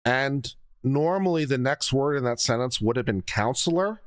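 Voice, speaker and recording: A man's voice: mid-range voice, animated, normal speed. A man commenting on a legal deposition video in a blunt, exasperated, lecturing way.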